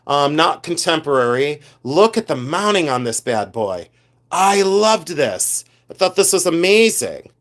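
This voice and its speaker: A middle-aged man hosting a live reseller stream, chatting animatedly and reading viewer comments aloud as he shows his finds. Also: fairly high pitch. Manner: mimics shouting collectors for laughs. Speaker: reseller host. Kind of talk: live-stream show-and-tell chat.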